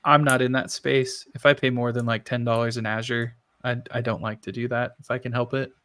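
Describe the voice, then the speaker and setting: This podcast host is a man with a smooth, medium-pitched voice who talks a little fast. His tech-show banter is relaxed and self-deprecating, and he brings quoted people to life with animated voices.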